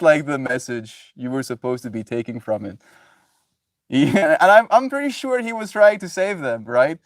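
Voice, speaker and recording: In a dry, studio-quality recording, a medium-pitched man rambles through casual spiritual musings about love and forgiveness on a livestream. His talk is loose and filler-heavy, and he laughs often as he reads chat.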